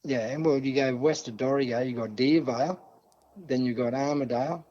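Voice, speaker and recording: A man's voice: medium pitch, brisk, highs cut off, a crowd in the background. A man with an Australian accent, a guest telling a long, rambling story in a casual interview, full of asides.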